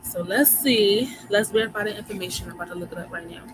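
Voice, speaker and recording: A Philadelphia woman with a strong Philly accent chats on her livestream, loose and slangy, speaking straight to her viewers at an everyday middle pitch. Steady background noise runs under her voice. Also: fast. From Philadelphia, USA. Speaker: livestream host. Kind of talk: casual livestream chat about moon phases.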